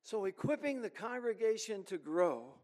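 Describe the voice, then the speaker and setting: A man preaching a sermon as pastor, earnest and emphatic with deliberate pauses. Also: high voice, sing-song, a little mellow. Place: church sanctuary. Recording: long hall reverb.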